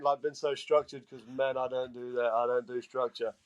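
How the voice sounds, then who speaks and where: A man in his twenties from England with a Geordie accent, a podcast guest telling animated stories and laughing often. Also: medium pitch, normal speed, few pauses. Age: 20s. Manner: animated, laughing, acts out quoted voices. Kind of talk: casual storytelling chat.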